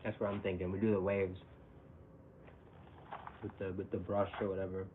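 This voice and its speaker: Low-voiced young man chatting on a tinny line. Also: flat delivery, normal speed. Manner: rambling, self-mocking, chuckles often and reacts to chat. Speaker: streamer. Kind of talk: casual live-stream chat. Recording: tinny phone-like audio with faint hiss.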